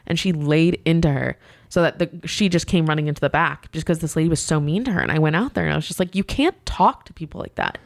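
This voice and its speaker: A young woman who manages a hotel front desk, chatting on a podcast and telling workplace stories with animated venting, acting out the exchanges as she goes. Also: deep voice, fast, creaky, no room sound, clean studio sound. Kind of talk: casual podcast chat.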